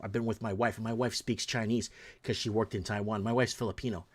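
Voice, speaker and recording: A man's voice: lowish voice, fairly even intonation, fast. Heated, profane male talk show host. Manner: heated, blunt and profane, repeats himself. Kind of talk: ranting solo commentary.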